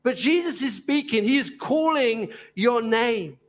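A man with a Cockney accent from East London preaching a sermon in an earnest, gently emphatic way, pausing often. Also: very high voice, expressive.

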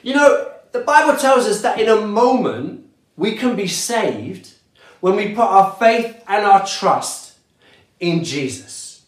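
A pastor delivering a sermon with slow, deliberate preaching, letting key words fall softly for emphasis. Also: mid-range voice, animated. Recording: echoey room.

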